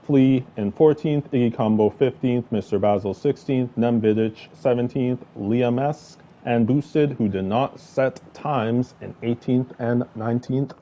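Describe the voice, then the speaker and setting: A man co-commentates an online sim race, adding short replies and reading the grid order in a steady run. He talks slowly in a dark, mellow voice, with faint background noise. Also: mid-range voice, poor audio. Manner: brief acknowledgements, reads grid results in a steady list.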